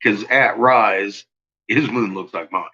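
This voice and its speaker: A man's voice: lowish voice, slow pace, pushed and bright, slightly rough, muffled recording. A man hosting a casual livestream chat, rambling, swearing freely and laughing often. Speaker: channel host.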